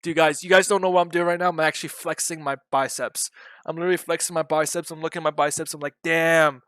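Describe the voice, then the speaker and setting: A man's voice: on the high side, fairly even intonation, fast, fairly bright tone, no room sound. Brash young man streaming live trades. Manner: brash, joking, swearing banter with chat. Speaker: day trading streamer. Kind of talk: live trading commentary.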